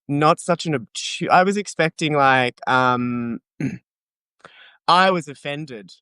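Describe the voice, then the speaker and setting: A man, co-hosting a podcast in casual chat, playfully teasing and breaking into loud exclamations. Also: on the high side, slow pace, clean tone, no room sound, studio quality. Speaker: podcast co-host.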